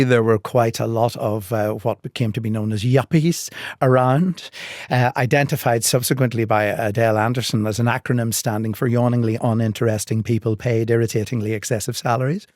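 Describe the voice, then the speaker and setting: An older man from Northern Ireland with a Northern Irish accent, telling stories in a measured, articulate way with dry humor as a guest in a podcast interview. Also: medium pitch, fairly even intonation, a little mellow, dry recording.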